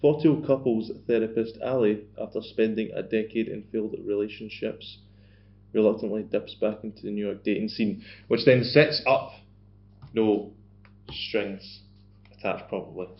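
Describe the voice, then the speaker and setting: Scottish male co-host, lowish gravelly voice, easygoing banter, dull lo-fi sound. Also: steady tone, echoey room. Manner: laid-back, joking, quick to laugh. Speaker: podcast co-host. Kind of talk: casual film chat. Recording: dull lo-fi podcast audio.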